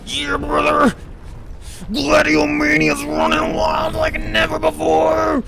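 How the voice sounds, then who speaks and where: A man doing a hollering macho wrestler, gravelly. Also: very high-pitched, completely flat delivery, slow pace, pitched above the performer's own voice, full character voice. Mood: boastful shouting. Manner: shouting, gravelly growl. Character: loud macho male pro wrestler, boastful. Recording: game music behind.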